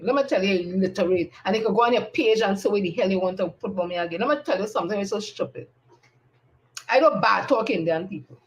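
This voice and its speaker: A political commentator with a Trinidadian accent delivers a blunt, combative live-stream monologue, repeating her points for emphasis. Her voice is high-pitched and a bit bright, and the audio is poor.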